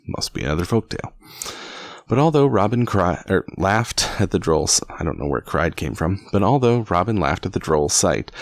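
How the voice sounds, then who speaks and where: A man reading a storybook aloud, halting over words and breaking off for wry asides. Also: low voice, no echo. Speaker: reader.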